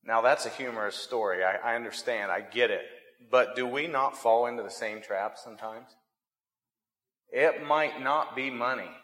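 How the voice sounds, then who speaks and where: A man's voice: medium pitch, normal speed, fairly bright tone. A man preaching a sermon in a folksy, conversational way, telling stories and often repeating words as he thinks. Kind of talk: sermon with storytelling. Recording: long hall reverb.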